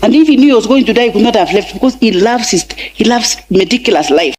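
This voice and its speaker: Emotional Kenyan widow with a high voice. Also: female voice, lively intonation, fast talker, a little mellow, soft background music. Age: middle-aged. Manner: emotional, tender, mixing in Swahili phrases. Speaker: widow giving a eulogy. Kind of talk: funeral eulogy speech. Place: large funeral gathering.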